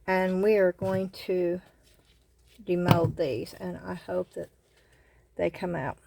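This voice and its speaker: A woman with a Southern US accent hosting a casual crafting vlog from her phone camera, gushing with excited exclamations. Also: on the low side, slow pace, creaky, heavy background noise. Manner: excited exclamations, says y'all a lot. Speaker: craft channel host.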